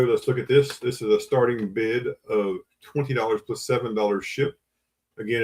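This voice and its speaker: A man's voice: on the low side, a little mellow. A man hosting a live online auction, repeating bids and coaxing buyers with auctioneer patter. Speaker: livestream auction host.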